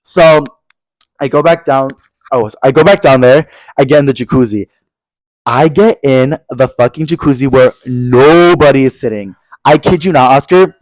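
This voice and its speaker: A man's voice: medium pitch, moderate pace, no echo, poor audio. A young man telling a long story on a podcast, gossipy and profane, jumping in and out of quoted voices. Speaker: podcast co-host. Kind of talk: casual storytelling chat. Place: podcast studio.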